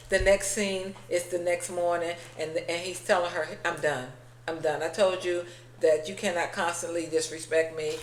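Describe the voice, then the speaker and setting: A woman's voice: on the low side, reverberant, low-quality recording. A woman giving a blunt, sassy, casual recap of a reality TV episode, acting out the quoted lines as she goes. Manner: sassy, blunt, retells scenes with quoted voices.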